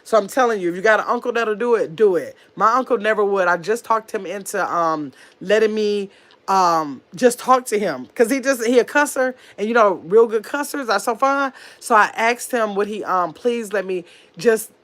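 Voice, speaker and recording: A woman's voice: medium pitch, moderate pace. Chatty woman hosting a livestream. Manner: chatty, animated storyteller, reads comments aloud. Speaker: livestream host. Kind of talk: casual livestream chat.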